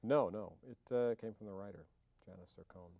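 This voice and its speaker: A man's voice: on the low side, brisk, vocal fry, warm tone, dry recording, lo-fi sound. A man being interviewed about his acting, talking casually and wryly, joking and trailing off in fillers and restarts. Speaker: film actor interviewee.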